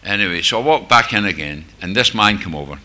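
Low-voiced Scottish man telling his story. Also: expressive, fast, bright, forceful tone. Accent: Scottish, Glasgow area. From Scotland, near Glasgow. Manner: candid, self-mocking storytelling with wry humor. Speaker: speaker sharing recovery story. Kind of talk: personal testimony to a group.

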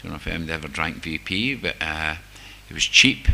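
An older Glasgow-area Scot with a bass voice, creaky yet bright and forceful, speaks at a moderate pace and with plenty of expression. He candidly shares his recovery story with a group as a personal testimony, poking wry fun at himself.

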